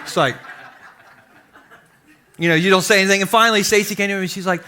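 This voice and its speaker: A man in his forties preaching a lighthearted sermon. His voice sits high and sounds bright and forceful. He acts out his own stories with a lot of animation. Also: fast talker, pauses often. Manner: animated, self-deprecating, acts out quotes. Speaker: pastor. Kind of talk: humorous storytelling sermon. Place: church stage before a congregation.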